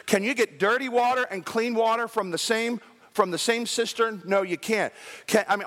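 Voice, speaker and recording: A man's voice: high-pitched, a bit bright, in a large hall. A man preaching a sermon to his congregation in a church, repeating words and asking them questions. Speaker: pastor. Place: church sanctuary.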